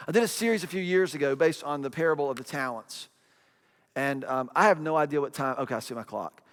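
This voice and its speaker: A man's voice: on the high side, quick pace, long reverb tail. A middle-aged man preaching a sermon in a conversational way, repeating phrases and acting out quotes. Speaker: pastor.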